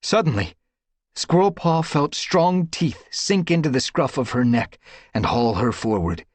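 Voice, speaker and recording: A man reading a dramatic audiobook story with expressive, dramatic storytelling. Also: mid-range voice, unhurried, no echo. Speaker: audiobook narrator. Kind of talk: audiobook narration.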